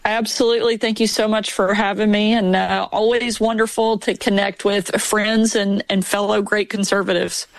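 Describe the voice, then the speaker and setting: Casting: woman in her 40s, guest governor from Arkansas, gravelly fry, dry close sound, easy storyteller. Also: medium pitch, flat delivery, moderate pace, hardly any pauses, no room sound, rough recording. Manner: warm storytelling, laughs at own anecdotes. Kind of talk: casual interview chat.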